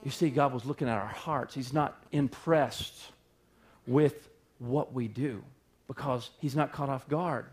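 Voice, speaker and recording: A man preaching a sermon as pastor, swinging between loud emphatic bursts and quiet low passages. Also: unhurried.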